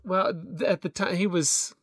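Rambling middle-aged man, fairly high voice. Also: fairly even intonation, a little slow, vocal fry, fairly bright tone, husky, no echo, studio quality. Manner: rambling, hesitant, many restarts and fillers. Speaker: podcast co-host. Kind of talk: casual chat.

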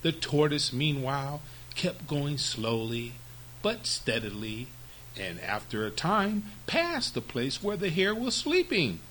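A man hosting a storytelling podcast, reading fables to children with very expressive, lively narration. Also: fairly high pitch, slow pace, slight background noise, low-quality recording.

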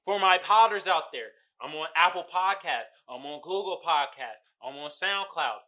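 A man hosting a casual solo podcast, talking loudly and profanely, often laughing and shouting exclamations. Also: on the high side, moderate pace, highs cut off. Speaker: podcast host.

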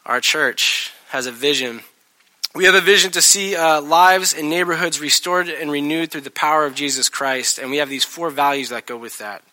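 Bright-voiced animated pastor preaching. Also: male voice, fairly high pitch, moderate pace. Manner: animated storytelling, acting out voices. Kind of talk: sermon.

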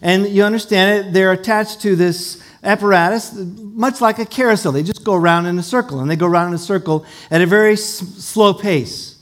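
High-voiced male pastor preaching. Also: brisk, few pauses. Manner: storytelling, leads call-and-response. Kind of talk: sermon.

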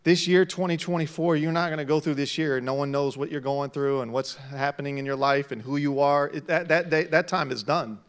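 A middle-aged male pastor preaching a sermon, swinging from quiet talk to loud shouts. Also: on the high side, fairly even intonation, a little fast, hardly any pauses, clear, resonant tone.

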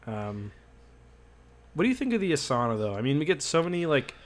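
A man's voice: on the high side, big pitch swings, a little fast. A man with a slightly sick voice, co-hosting a casual chat, rambling with many ums and restarts. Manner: rambling, hesitant with frequent ums and likes. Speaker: podcast co-host.

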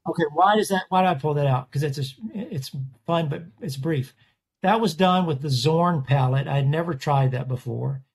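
A man's voice: fairly high pitch, moderate pace, creaky, husky. A man, a portrait artist, chatting casually in an interview and rambling through stories with frequent restarts. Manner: rambling, self-correcting storyteller.

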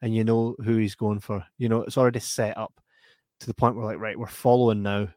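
A man's voice: lowish voice, fairly quick, no room sound. Man chatting animatedly about a film. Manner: animated, acts out film lines in put-on voices, laughs often. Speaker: podcast co-host. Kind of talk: casual film review chat.

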